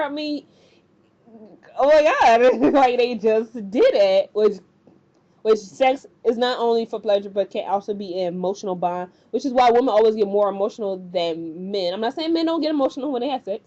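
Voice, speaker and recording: A woman's voice: on the high side, a little fast, a little mellow. A woman casually recapping a TV episode, rambling and colloquial, and acting out the characters' lines as she goes. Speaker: TV recap vlogger. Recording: dull lo-fi recording.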